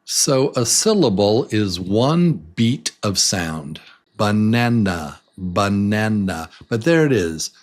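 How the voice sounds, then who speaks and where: A male English teacher guides adult beginners through a lesson. His voice sits a little low, and he speaks at a very slow, deliberate pace. He repeats words patiently, beat by beat. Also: sing-song. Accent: American.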